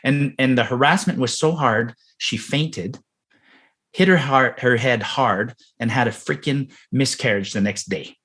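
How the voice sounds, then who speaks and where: A man's voice: mid-range voice, measured pace, a bit bright, slightly rough. A man from Ontario, talking as an interview guest. He speaks emphatically and heatedly and repeats words when he gets worked up. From Ontario, Canada. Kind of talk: interview conversation.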